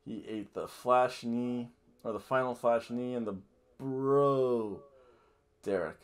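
A man's voice: mid-range voice, slow pace, clean tone. A man hosting a wrestling podcast, recapping a show in a rambling, self-correcting way with jokey asides.

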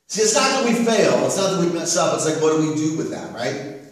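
A man's voice: a little high, animated, brisk. Earnest preacher man in an echoey church. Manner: earnest, repeats phrases, asks "right?". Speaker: pastor. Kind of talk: sermon. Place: church sanctuary. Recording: echoey church hall from far off.

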